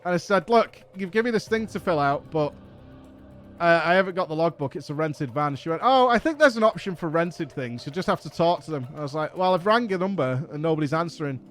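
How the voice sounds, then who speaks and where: A man with a high, bright-toned voice and an English accent tells a rambling story to his viewers. His delivery is exasperated and profane, and he acts out both sides of each conversation. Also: lively intonation, a little fast, soft background music. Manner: exasperated, profane anecdote with acted-out dialogue. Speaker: streamer host. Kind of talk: casual storytelling.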